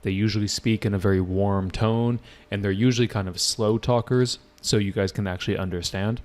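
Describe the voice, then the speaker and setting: A man's voice: on the low side, fairly even intonation, brisk. A man teaching a live online exam-prep lesson with energy, repeating points and quizzing his students. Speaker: English test-prep teacher.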